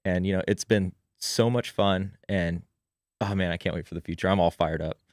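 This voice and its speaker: A man's voice: low-pitched, fairly even intonation, moderate pace, dry recording, clean studio sound. A man talking casually as a podcast guest, rambling with many "you know" fillers.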